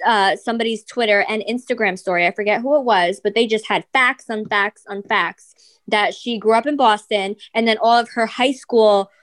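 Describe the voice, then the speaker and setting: A woman's voice: mid-range voice, normal speed, fairly bright tone. A young adult woman co-hosting a podcast, chatting and gossiping casually, filling her talk with "like" and "you know". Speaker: podcast co-host.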